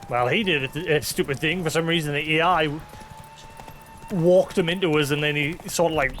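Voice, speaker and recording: A man streams a video game over soft background music, chatting casually and explaining things as he plays. His voice is on the high side and fairly bright, at a moderate pace, with many fillers in his gameplay commentary.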